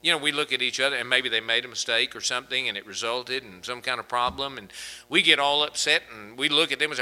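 A man's voice: mid-range voice, fast, bright, forceful tone, poor audio. A man preaching a sermon as pastor, folksy and conversational, chuckling between points.

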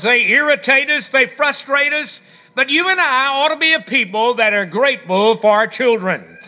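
A man's voice: very high voice, bright, forceful tone. A man preaching a sermon on gratitude, folksy and storytelling, with scripture and a bit of humor. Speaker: pastor.

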